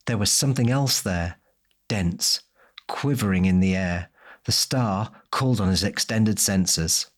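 A man narrating a fantasy audiobook in a measured, descriptive way. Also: on the low side. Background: faint music.

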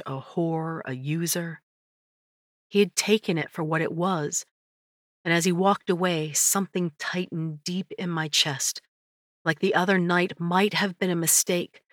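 A woman narrating a first-person audiobook in a measured, introspective way. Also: lowish voice, fairly bright tone, no echo, clean studio sound.

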